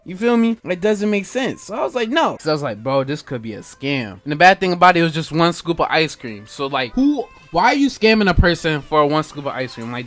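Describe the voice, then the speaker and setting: A young man hosting a podcast, casually telling a story in slangy talk and acting out the voices of the people in it. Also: mid-range voice. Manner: animated, acts out customers' voices in quotes; slangy, addresses listeners directly. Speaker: podcast host.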